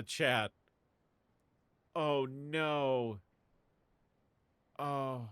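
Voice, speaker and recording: Excitable male game streamer. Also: mid-range voice, measured pace, clean tone, no echo. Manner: excitable, laughs often, talks to chat. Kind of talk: live gameplay commentary.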